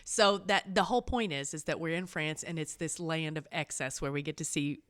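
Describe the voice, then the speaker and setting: A woman's voice: deep voice, brisk, fairly bright tone. A young adult woman co-hosting a podcast, chatting casually, bluntly and with enthusiasm, swearing freely. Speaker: podcast co-host. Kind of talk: casual chat.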